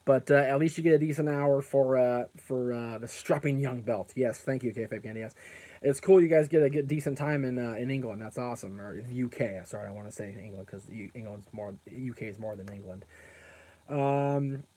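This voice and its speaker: A man's voice: medium pitch, brisk, dark tone. A man hosting a casual live stream who rambles, answers chat comments aloud, and often stops to correct himself with plenty of fillers. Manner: frequent fillers and self-corrections.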